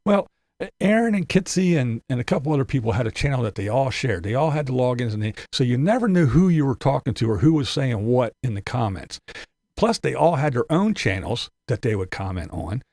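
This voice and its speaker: A man's voice: mid-range voice, sing-song, fairly quick, darkish tone, no room sound, clean studio sound. A man hosting his channel, giving rambling, profane commentary in a casual tone with frequent chuckles. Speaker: channel host.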